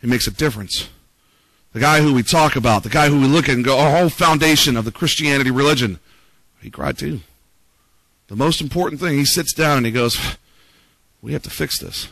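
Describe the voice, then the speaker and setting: A man's voice: mid-range voice, fairly quick, a bit bright, no echo, low-quality recording. A man preaching a conversational sermon, reading scripture aloud and asking the congregation rhetorical questions. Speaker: pastor.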